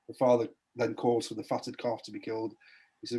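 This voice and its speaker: Man preaching his story on a podcast, dark mellow voice, earnest. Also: medium pitch, brisk. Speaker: guest. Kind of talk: conversational testimony, preaching.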